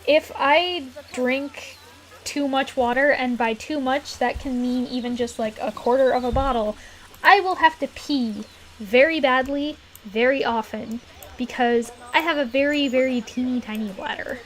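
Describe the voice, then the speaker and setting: A woman chatting casually on a live stream while she plays, rambling with lots of fillers and giggles, her throat a little rough. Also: high-pitched, unhurried, fairly bright tone. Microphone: desk mic in a closed room.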